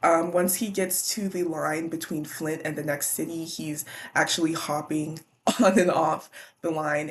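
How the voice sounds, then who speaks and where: A woman casually recapping a children's book, animated and slangy. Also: low-pitched. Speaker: book vlogger.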